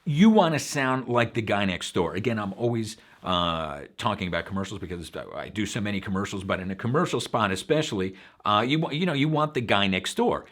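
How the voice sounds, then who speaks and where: Frank, low-voiced host with a faint Long Island accent. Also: male voice, animated, a little fast, few pauses, a bit bright. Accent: slight Long Island New York. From Long Island, New York. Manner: frank, conversational, many fillers. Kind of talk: casual advice talk.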